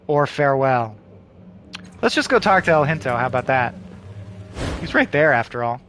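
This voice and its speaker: A man's voice: fairly high pitch, big pitch swings, fairly quick, bright, forceful tone, a little hiss or hum. Man reading a game aloud, swearing. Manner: casual, profane asides between read-outs. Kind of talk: game playthrough with narration.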